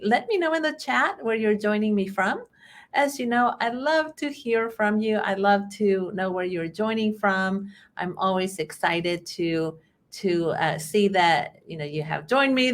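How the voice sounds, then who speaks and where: A woman from Texas hosting a live webinar, greeting viewers in a friendly, chatty way with frequent fillers. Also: mid-range voice. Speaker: webinar host.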